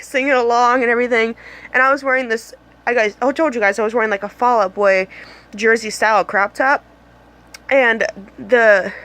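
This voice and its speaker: A woman's voice: on the high side, fairly bright tone. Young woman vlogger, casual storyteller, giggly and scattered, phone-recorded. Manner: bubbly, rambling, giggly, lots of "like" and "um". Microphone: phone camera.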